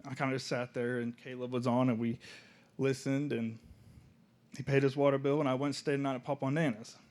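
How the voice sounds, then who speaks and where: A man's voice: medium pitch, little pitch movement. Young man telling his story. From Oklahoma. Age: young adult. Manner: casual, halting, soft-spoken at moments. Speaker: student speaker. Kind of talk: personal testimony storytelling.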